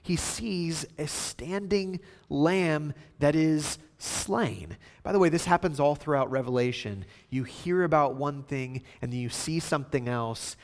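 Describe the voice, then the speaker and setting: A man preaching a sermon, swinging between hushed, slow passages and loud, emphatic outbursts. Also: on the high side, in a large hall. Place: church sanctuary.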